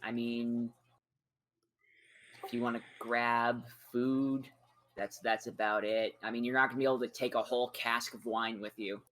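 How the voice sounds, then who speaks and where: A man's voice: medium pitch, normal speed. A man acting as game master, narrating a tabletop game in an easygoing, descriptive way. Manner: easygoing, describes scenes in relaxed detail.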